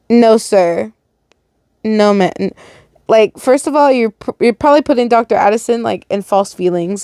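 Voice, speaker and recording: A woman reading fan fiction aloud as host, breaking off with animated, reactive asides. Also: mid-range voice, clear, resonant tone, no room sound, clean studio sound. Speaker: story reader.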